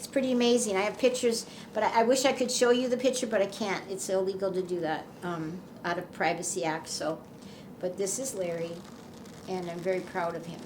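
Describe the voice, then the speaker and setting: A woman's voice: medium pitch, fairly even intonation, fairly quick. Woman telling her own story, earnest and emotional, lots of restarts, faint hiss behind. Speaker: doll maker and memory care worker. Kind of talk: personal storytelling to camera.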